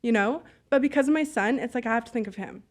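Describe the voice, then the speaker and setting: A woman telling stories in a casual interview, blunt and animated, swearing freely and filling her talk with "like". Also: a little high, fast talker. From Canada. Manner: fillers and acted-out dialogue. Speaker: podcast guest, business owner.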